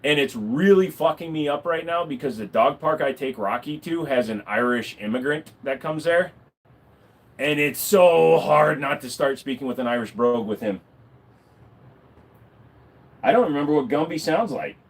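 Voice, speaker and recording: A man's voice: fairly high pitch, normal speed. A man chatting casually on a livestream, rambling and swearing freely. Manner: animated, swearing, rambling with fillers. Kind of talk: casual live-stream chat.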